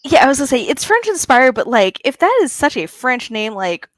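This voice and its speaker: A woman's voice: sits high, very animated, brisk, fairly bright tone, no room sound. Woman, casual co-writer, filler-heavy advice. Dry, close sound. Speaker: co-writer on stream. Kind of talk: casual chat.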